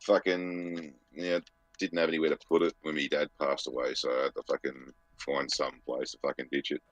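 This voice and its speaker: A deep-voiced Australian man spins a profane yarn in casual podcast chat. He keeps swearing and slips into voices for the people he is quoting. The sound is dry and close to the mic. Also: moderate pace, no room sound. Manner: sweary, animated, mimics other people's voices. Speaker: podcast co-host.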